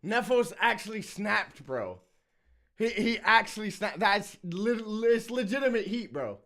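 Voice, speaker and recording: A male streamer reacts to rap battles in casual, candid commentary, stopping to repeat himself as he works out his point. His voice sits high for a man. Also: expressive, a little slow, bright, forceful tone. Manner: frank and candid, repeats words as he thinks.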